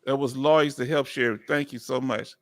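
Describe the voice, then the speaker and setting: A man from Houston with a Southern Texas accent, hosting a live stream in a folksy, drawn-out storytelling way. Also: mid-range voice, steady tone. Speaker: host.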